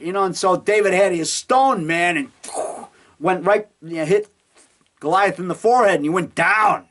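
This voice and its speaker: A man's voice: high voice, moderate pace, a bit bright. A middle-aged man talking casually at home, telling stories with lots of chuckles and acted-out quotes. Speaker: amateur filmmaker. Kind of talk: casual rambling monologue. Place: home basement.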